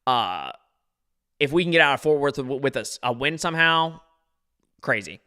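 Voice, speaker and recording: Here the podcast host, a young man, speaks at medium pitch and normal speed with a clean tone. He watches a football game live with his audience, reacting with nerves and responding to chat viewers. Excitable and anxious, he keeps talking to those reading the chat.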